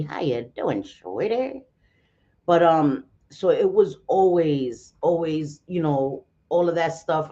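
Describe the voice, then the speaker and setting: Low-voiced woman chatting on a stream. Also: mellow, muffled recording. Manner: chatty, swears freely, greets viewers by name. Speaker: live-stream host. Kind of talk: casual chat.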